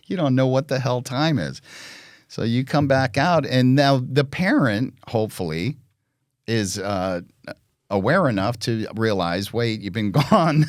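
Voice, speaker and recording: A man's voice: mid-range voice, dry recording, clean studio sound. A middle-aged man, the show's host, talking bluntly and with profanity in casual podcast chat, acting out parent and child voices as he tells stories. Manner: blunt, profane, animated storytelling.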